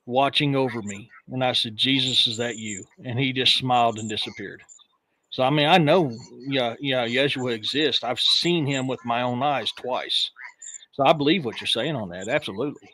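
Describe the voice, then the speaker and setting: A man's voice: mid-range voice, sharp tone, dry recording, poor audio. A man hosting a podcast, telling a personal story in an earnest, plain-spoken way. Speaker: podcast host. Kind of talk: casual chat.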